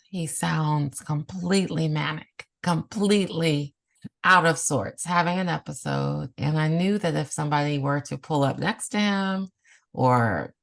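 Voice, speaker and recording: A woman hosting a podcast, speaking in a calm, reflective and affirming way. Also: deep voice, vocal fry. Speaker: podcast host. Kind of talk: casual conversational podcast.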